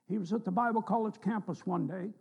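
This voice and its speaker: A man's voice: high-pitched, fast, gravelly, darkish tone, husky, dull audio. A man preaching a sermon in a church, telling folksy stories and rising with emphasis on scripture. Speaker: pastor. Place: church sanctuary.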